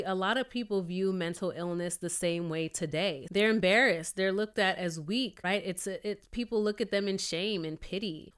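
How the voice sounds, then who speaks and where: Woman, TV review vlogger, expressive and emotional, smooth clear voice. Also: fairly low pitch. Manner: expressive, emotional, playful asides. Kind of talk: casual review chat.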